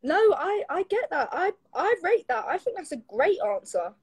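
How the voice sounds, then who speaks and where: A woman's voice: high-pitched, big pitch swings, normal speed. A woman hosting a casual interview chat on a livestream, friendly and asking follow-up questions. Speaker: host.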